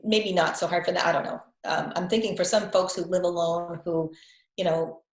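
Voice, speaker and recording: A woman's voice: on the low side, roomy sound, poor audio. A woman with a faded Boston accent, chatting casually as a guest health coach, repeating words and laughing often. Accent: Boston, mostly faded. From New England. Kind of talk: casual video call chat.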